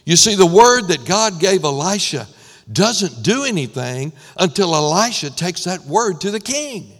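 Impassioned male preacher, high-pitched, reverberant hall. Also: animated, unhurried. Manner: impassioned, rising and falling emphasis. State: losing his voice. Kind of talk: sermon. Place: church sanctuary.

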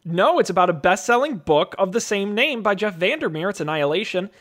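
A man's voice: high-pitched, big pitch swings, brisk, a bit bright. A man hosting a casual show, reading out movie blurbs and calling bids like a jokey auctioneer. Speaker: host running a movie draft auction. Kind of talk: casual podcast chat.

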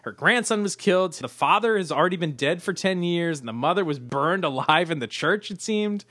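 A man's voice: high voice, lively intonation, a little fast, sharp tone. A man co-hosting a podcast recapping a TV show, rambling and filling his talk with "like" and swearing. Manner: rambling, lots of "like", swears freely. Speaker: podcast co-host. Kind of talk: casual TV recap chat.

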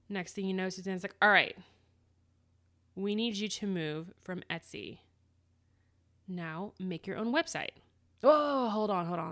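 A woman's voice: medium pitch, gravelly, sharp tone. A woman hosting her own podcast, telling her story in a chatty, rambling way with restarts and quoted dialogue. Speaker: podcast host. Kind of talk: casual solo podcast monologue.

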